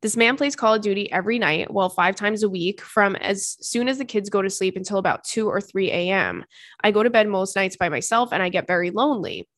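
A woman podcast host in her thirties, chatting frankly and swearing freely as she reads out listener letters. Her voice sits at an ordinary middle pitch. The sound is dry and close, with no room echo. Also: a bit bright. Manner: candid, swears freely, quick asides. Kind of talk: casual chat, reading listener letters.

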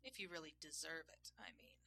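A woman voicing a commanding, teasing man who speaks in a low murmur, sometimes whispering, in a story she reads aloud. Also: animated, a little fast, bright, forceful tone, slight background noise, full character voice.

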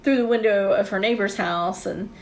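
A woman chatting casually with friends, telling long wandering stories and dropping a swear word here and there. Her voice sits at a middle pitch, with a faint hum of noise behind her. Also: normal speed. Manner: rambling storyteller, swears casually. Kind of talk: casual chat.

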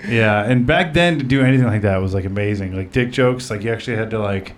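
A man's voice: on the low side, fast talker, noisy background. A man hosting a comedy podcast in casual chat, rambling with lots of fillers and narrating an absurd roast story. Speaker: podcast host.

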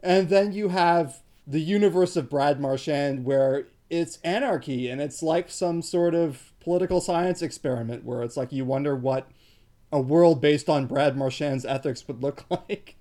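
A man in casual podcast chat about hockey, animated and joking, with exaggerated comparisons. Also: fairly high pitch, normal speed.

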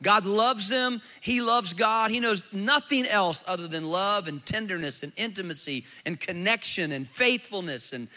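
High, bright-voiced male preacher. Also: lively intonation, normal speed, few pauses. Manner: jokey, emphatic preaching with rhetorical questions. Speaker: pastor. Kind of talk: sermon.

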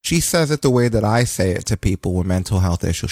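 A man's voice: on the low side, expressive, quick pace, darkish tone, dry recording. A man casually recapping wrestling results on a podcast, loose and profane, cracking jokes as he goes. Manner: loose, profane, joking storytelling. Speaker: podcast co-host.

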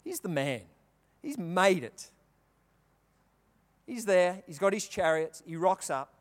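A man preaching a sermon, telling the story with animated delivery and acting out the characters' lines. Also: sits high, takes it slowly. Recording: long reverb of a large hall.

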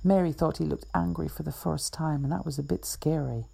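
Low, gravelly woman reading her story. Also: fairly even intonation, fairly quick, mellow. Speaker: author. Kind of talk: reading her own fiction.

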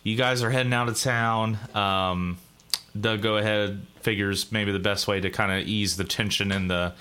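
Bright-voiced male game master. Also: lowish voice, steady tone, smooth. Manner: casual, halting with fillers. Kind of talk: narrating a tabletop game.

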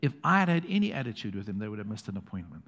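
A middle-aged South African man preaching a sermon as pastor, telling stories with chuckles and quiet emphatic asides. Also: lowish voice, sing-song, racing, dull audio. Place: church hall. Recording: long hall reverb.

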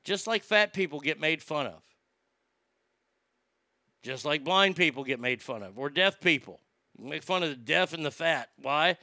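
A male stand-up comedian with a gravelly, forceful voice that sits a bit high for a man. His delivery is profane and rambling, and the sound is dry and close. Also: animated, moderate pace, long pauses, no room sound.

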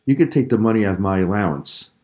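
A man's voice: fairly low pitch, expressive, fast talker, darkish tone, natural voice. A man voicing a guilty, tearful ten-year-old boy in a read-aloud story. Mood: apologetic.

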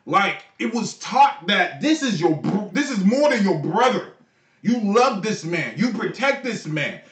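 High bright-voiced man, animated storyteller. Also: measured pace, recorded from a distance. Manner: animated storyteller, slangy, laughs often. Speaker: podcast co-host. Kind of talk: casual chat. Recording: echoey room, off-mic, faint noise.

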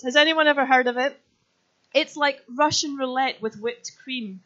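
A Scottish woman in her thirties, her voice sitting high and sounding pushed and bright, preaches at a moderate pace. Her sermon uses props and stories, moving from jokes with the audience to earnest urgency, on a slightly dull, lo-fi recording.

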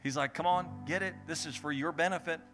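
Bright-voiced animated male preacher. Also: fairly high pitch, fast talker, faint music behind. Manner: animated storytelling, acts out voices. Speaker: pastor. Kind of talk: sermon.

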